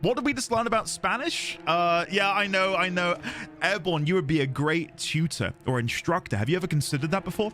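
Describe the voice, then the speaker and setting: A man's voice: high voice, fairly quick, bright, forceful tone, soft background music. A man streaming a game, chatting with his viewers in a playful, goofy way. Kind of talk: casual game-stream chat.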